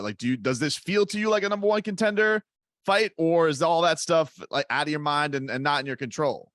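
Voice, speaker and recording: A man's voice: on the high side, a little fast, fairly bright tone, no echo, studio quality. A man co-hosting a casual interview, asking long, rambling, stacked questions. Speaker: podcast co-host.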